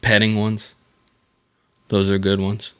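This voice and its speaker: A man's voice: lowish voice, monotone, slow pace, clear, resonant tone. A man hosting a casual solo podcast, rambling through the topic with jokey asides and self-mocking comments. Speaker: podcast host.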